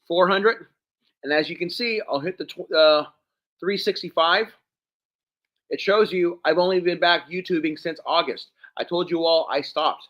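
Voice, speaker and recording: A man with a lilt chats loosely through the end of a long live stream, his fairly high voice gone hoarse. He rambles and thanks his viewers by name. The sound is dull and lo-fi. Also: moderate pace, fairly bright tone. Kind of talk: casual live stream chat.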